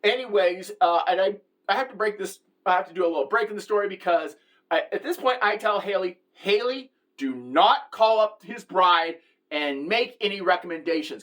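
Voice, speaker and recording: A woman's voice: medium pitch, fairly bright tone. A middle-aged woman telling a comic story in a wry, rambling way, with crude language and many side remarks. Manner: wry, profane, rambling asides. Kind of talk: comedic storytelling monologue.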